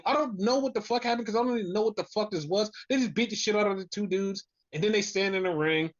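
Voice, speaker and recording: Swearing nonstop, a wrestling podcast co-host goes on an animated, increasingly heated rant in casual conversation, pitch bouncing all over. The recording sounds dull and lo-fi.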